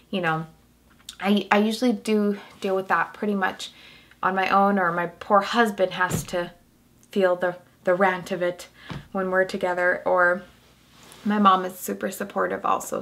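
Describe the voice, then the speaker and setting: A woman's voice: medium pitch, fairly bright tone. A young woman talking openly in a casual personal vlog, rambling and restarting often. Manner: candid, rambling, with many restarts and "like". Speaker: vlogger.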